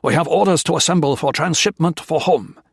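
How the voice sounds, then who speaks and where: A man's voice: fairly high pitch, fairly quick, gravelly, slightly rough, dry recording, studio quality, pitched above the performer's own voice. A man voicing a curt, contemptuous colonel. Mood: curt, cold. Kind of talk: audiobook character voice.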